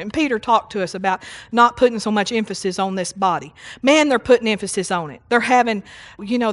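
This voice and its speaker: Reading scripture and teaching from it, a woman preaches a sermon with emphatic repetition and calls out to the congregation. Her voice is a little high.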